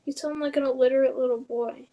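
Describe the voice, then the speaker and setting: A woman's voice: high-pitched, fairly even intonation, fast, dark tone, natural voice. A teenage girl playing a prim, scolding teenage classmate in an improvised stage scene. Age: teens. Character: prim teenager Steven, later a slangy scarecrow.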